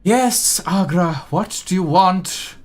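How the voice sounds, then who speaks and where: A man's voice: high-pitched, slow, voice pushed up. A man voicing a weary, grumpy male elf cleric and scribe who complains with exasperation. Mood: exasperated.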